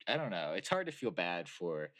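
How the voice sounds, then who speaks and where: Jokey podcast dude, pitch jumps all over, reading fanfic. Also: male voice, normal speed, a little hiss or hum. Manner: lively, jokey. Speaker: podcast co-host. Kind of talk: reading fan fiction aloud, casual.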